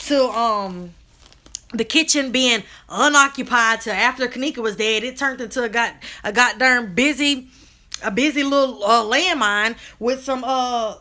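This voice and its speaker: A woman talks straight to her live-stream viewers in a loose, drawling, animated way. Her voice sits a little high and rings bright. She reads comments and answers them as she goes. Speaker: co-host of a live video chat. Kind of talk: casual live-stream chat reading comments.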